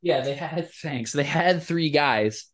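Profane, animated male storyteller. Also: fairly high pitch, slow pace. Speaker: podcast host. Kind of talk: casual storytelling chat.

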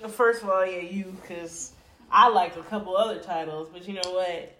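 A woman's voice: on the low side, fairly even intonation, normal speed, pushed and bright, slight background noise. A woman from Detroit co-hosting a podcast, a little tipsy, chatting casually with laughing, profane banter. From Detroit, USA. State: tipsy from drinking. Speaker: podcast co-host. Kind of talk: casual chat. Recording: echoey room.

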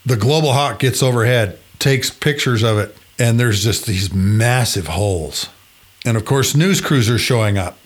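A man hosting a podcast, telling a story in a lively, conversational way, sometimes laughing as he speaks. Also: medium pitch. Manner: animated, conversational. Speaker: podcast host.

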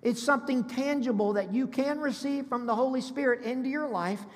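A man's voice: very high voice, a little fast. A man preaching a sermon as pastor, conversational and calling on the congregation to respond. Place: church sanctuary. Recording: long reverb of a large hall.

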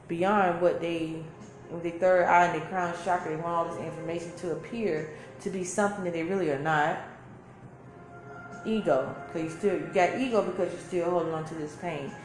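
A woman's voice: fairly low pitch, darkish tone. Emphatic woman preaching in an echoey room. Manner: preachy, emphatic, repetitive phrasing. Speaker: spiritual teacher. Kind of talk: spiritual talk. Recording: echoey room with faint music.

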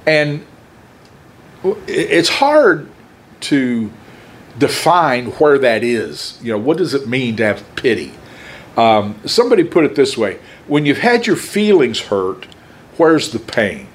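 Male pastor, unhurried emphatic sermon, voice swinging up and down. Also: medium pitch. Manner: animated, emphatic preaching with pauses. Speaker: preacher.

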